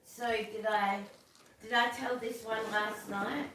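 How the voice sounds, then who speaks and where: A woman's voice: a little high, fairly even intonation, slow, a bit bright, far from the mic, a little hiss or hum. A woman hosting a casual live stream, chatty and self-deprecating, telling corny jokes while a little sick. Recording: echoey room, away from the mic.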